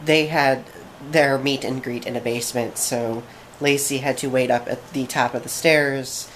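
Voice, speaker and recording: A young woman hosts a casual vlog chat, playfully handing the talk to her friends. Her voice is very low for a woman. Faint background noise sits behind her. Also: fairly even intonation, measured pace, rough recording. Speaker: vlog host.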